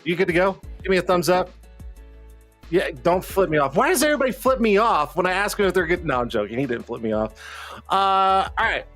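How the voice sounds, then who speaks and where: A man's voice: high-pitched, expressive, brisk, fairly bright tone, faint music behind. A man hosting a casual live online show, joking and teasing his guests and laughing often. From Colorado. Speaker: livestream show host.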